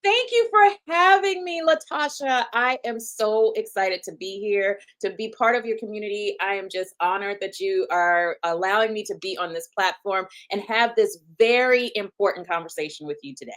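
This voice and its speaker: A woman's voice: medium pitch, moderate pace, few pauses, fairly bright tone. A middle-aged woman with a Southern US accent, a gynecologist guest speaking in a chatty, folksy way and calling listeners y'all. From Huntsville, Alabama, USA. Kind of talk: casual interview storytelling.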